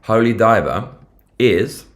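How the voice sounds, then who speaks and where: Taking it slowly, a man with a lowish, expressive voice and a London accent hosts an informal livestream. He swears freely and rambles in slang while talking over the news and going through viewer comments.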